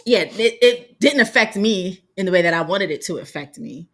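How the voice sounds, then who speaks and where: A woman's voice: mid-range voice, lively intonation, moderate pace. A young woman co-hosting a podcast in casual chat, blunt and teasing, cursing casually. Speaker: podcast co-host.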